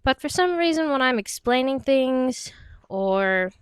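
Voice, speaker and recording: A young American woman narrates a sticker-making tutorial, her voice smooth and slightly high. She chats in a self-deprecating way, slips into a playful half-British lilt, and quiets down for careful steps. The sound is close and dry. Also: lively intonation, a little slow, no room sound. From United States. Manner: drops to a soft, quiet murmur during careful steps. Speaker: vlogger. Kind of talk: casual crafting tutorial.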